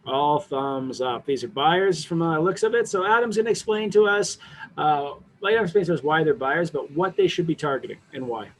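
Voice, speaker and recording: A man's voice: on the high side, normal speed. Man hosting over a noisy mic. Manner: steers the segments, teasing. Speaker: podcast host. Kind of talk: casual sports chat.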